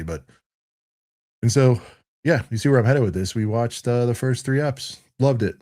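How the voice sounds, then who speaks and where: A man's voice: mid-range voice, animated, moderate pace, pauses often. A man in his thirties on a review panel, chatting casually and rambling, with lots of "dude" and "like". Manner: rambling and laid-back, full of "dude" and "like". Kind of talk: casual chat.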